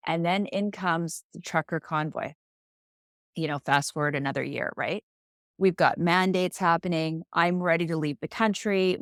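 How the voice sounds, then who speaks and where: Woman, low voice, dry close sound; podcast guest telling her story, earnest and heartfelt, restarts a lot. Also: no room sound. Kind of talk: casual personal storytelling.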